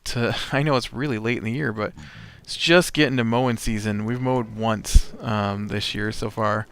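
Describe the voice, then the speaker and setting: Guy rambling while he plays a game, smooth voice, lots of uhs, dry close mic. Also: lowish voice, fairly even intonation, normal speed, fairly bright tone, dry recording. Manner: rambling, full of uhs and restarts, wry. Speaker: let's play host. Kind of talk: casual storytelling while playing a game.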